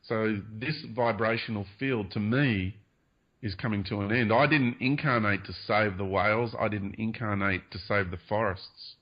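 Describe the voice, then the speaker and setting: A man speaking as a radio-show guest, talking earnestly about spiritual ideas, hedging often and pausing with fillers. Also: on the low side. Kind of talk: spiritual interview talk. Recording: dull lo-fi radio audio.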